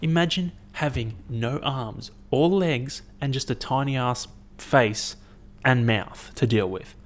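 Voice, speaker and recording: A young man talking to camera in a casual, rambling monologue, blunt and swearing a lot as he thinks out loud. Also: mid-range voice, takes it slowly. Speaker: vlogger.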